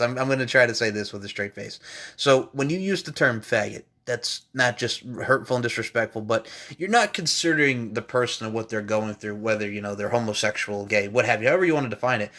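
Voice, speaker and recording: A man in his thirties hosting a casual podcast chat, animated and quick to jump into high-pitched exclamations and laughter. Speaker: podcast host.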